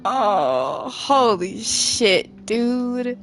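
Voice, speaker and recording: A woman's voice: on the high side, sing-song, drawn-out words, fairly bright tone. A woman doing casual let's play commentary, muttering and swearing in exasperation. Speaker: let's player.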